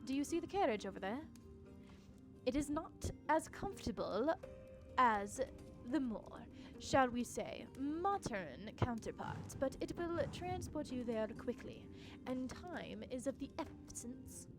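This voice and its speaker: A woman as a secretive spymaster, measured, lively pitch. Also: heavily acted. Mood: grave. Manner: measured, formal. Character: secretive spymaster hiding in shadows. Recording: game music behind.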